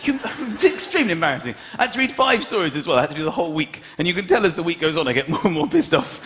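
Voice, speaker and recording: A man's voice: on the high side, sing-song, racing, a little hiss or hum. A male stand-up comedian, telling a story on a theatre stage with exasperated energy and acted-out voices. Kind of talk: stand-up routine. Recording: echoey theatre with loud audience laughter. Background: audience laughing.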